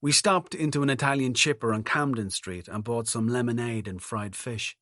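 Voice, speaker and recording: A man narrates a novel in the first person, calm and measured. His voice sits at an ordinary middle pitch. The recording is dry and close, with no room sound. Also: no echo. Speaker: audiobook narrator.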